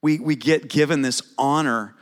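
A man's voice: fairly high pitch, moderate pace. A middle-aged man preaching a sermon in a conversational way, asking his congregation questions. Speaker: pastor.

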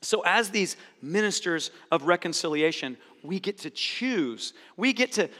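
A middle-aged pastor preaches with emphatic, repeated phrases, his high, bright voice carrying through a large hall with long reverb.

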